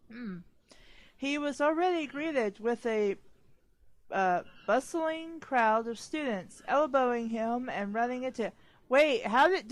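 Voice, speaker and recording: A woman's voice: high-pitched, no room sound. A woman reading fanfiction aloud on a casual podcast, stumbling over names and breaking off for sarcastic remarks.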